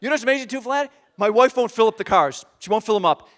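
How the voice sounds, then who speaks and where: Male stand-up, middle-aged, high bright voice, live on a stage mic with faint hiss in the room. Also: fast talker. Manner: animated, acts out exasperated voices. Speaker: stand-up comedian. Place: theater stage before a live audience. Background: audience laughter.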